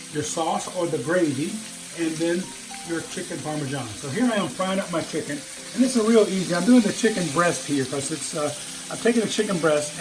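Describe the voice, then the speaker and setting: A man's voice: high voice, background noise. A middle-aged man hosting a home cooking show, talking in a chatty, folksy way with plenty of fillers and restarts. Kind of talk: casual cooking demonstration. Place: home garden, then a home kitchen.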